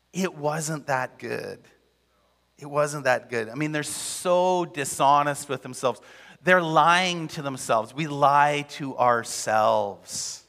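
Casual, energetic male pastor, high and bright, preaching in a church with a long hall reverb. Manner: casual, energetic, rhetorical questions. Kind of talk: conversational sermon.

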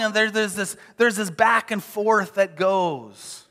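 Bright-voiced pastor preaching in a hall. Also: male voice, high voice, normal speed, few pauses. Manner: animated, conversational, acts out quotes. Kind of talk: sermon.

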